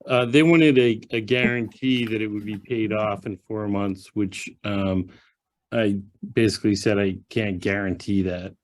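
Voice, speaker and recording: A man's voice: fairly low pitch, steady tone, measured pace. A man on a video call, a board member, explaining in a plain matter-of-fact way how he handled a negotiation. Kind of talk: business meeting discussion.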